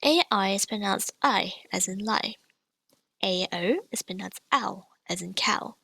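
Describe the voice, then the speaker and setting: A woman language teacher explaining pronunciation in a clear, patient, scripted lesson, demonstrating each sound. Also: medium pitch, measured pace, pushed and bright, no room sound.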